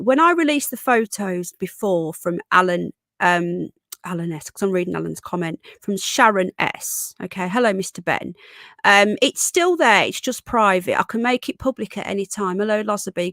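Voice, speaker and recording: A woman hosting a live stream, casually greeting viewers by name and calling them darling and sweetheart, her voice going hoarse. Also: on the high side, a bit bright, no room sound.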